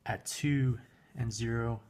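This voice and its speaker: A man of medium pitch takes his time teaching a recorded math lesson. Operating a graphing calculator as he speaks, he stays relaxed and uses fillers, correcting himself as he goes.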